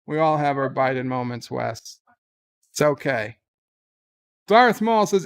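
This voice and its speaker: A livestream host reads chat comments aloud in a chatty, wry way, filling his speech with lots of "uh." His medium-pitched voice has a sing-song lilt. He speaks slowly with long pauses, and the sound is clean.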